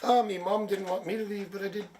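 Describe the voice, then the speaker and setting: A man's voice: high-pitched, fairly even intonation, quick pace, darkish tone, distant mic, slight background noise. A man from Canada reading tarot on a live stream, chatty and rambling, with jokes, a sniffle and a headache. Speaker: tarot reader.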